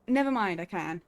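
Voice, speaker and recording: Fields: Sex: woman. Role: streamer. Pace: slow. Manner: chatty, giggly. Style: gaming stream commentary. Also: mid-range voice. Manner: chatty, giggly, thinking aloud.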